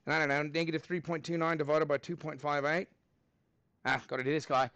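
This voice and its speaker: A man with a notably high voice leads a live math review, cheerfully counting steps aloud and thinking out loud as he calls on students. The sound is close and dry, with no room echo. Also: level tone, quick pace. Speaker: math teacher. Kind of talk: live class review lesson.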